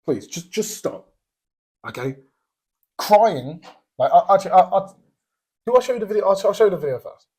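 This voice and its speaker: A man hosts a podcast with a blunt, opinionated monologue, stumbling over restarts and fillers as he goes. His voice is husky and sits a little higher than most men's. He keeps checking in with a quick "right?". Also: lively intonation, darkish tone. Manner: blunt, repeats "right?" as a tag question; halting, with many restarts and fillers. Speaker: podcast host.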